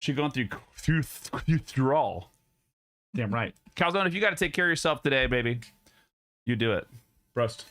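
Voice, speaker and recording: A man's voice: medium pitch, lively intonation, moderate pace, pauses often, fairly bright tone. A young man chats on his own stream, his voice swinging widely as he tells stories. He is loose and profane, restarting sentences often. He speaks close into a studio mic. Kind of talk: casual live stream chat. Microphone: studio dynamic mic.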